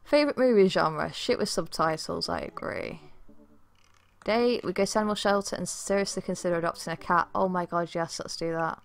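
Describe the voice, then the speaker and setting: A woman's voice: fairly low pitch, fairly quick, gravelly. A woman streamer playing a dating game, joking and reading the text aloud. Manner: playful, reads game text aloud with jokes. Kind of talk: let's play commentary.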